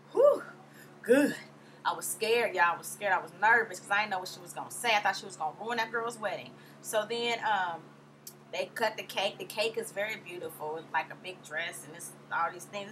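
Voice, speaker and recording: A young woman casually recapping a TV episode in a sassy, animated way, acting out quotes in high voices. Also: slight background noise. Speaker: vlogger reviewing a TV episode.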